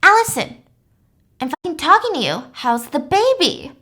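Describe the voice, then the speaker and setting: A woman's voice: high voice, animated, normal speed, pitched above the performer's own voice. A woman voicing an unhinged young woman patient who taunts and threatens. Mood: taunting. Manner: taunting, then sharp and threatening.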